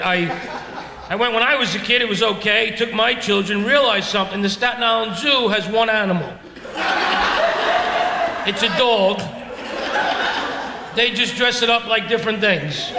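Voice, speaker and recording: A man's voice: sits high, vocal fry, bright, forceful tone, slight background noise. A man with a New York accent doing a brash, profane, self-mocking stand-up comedy set on a brewery stage. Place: brewery stage before a live crowd. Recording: echoey hall with audience laughter.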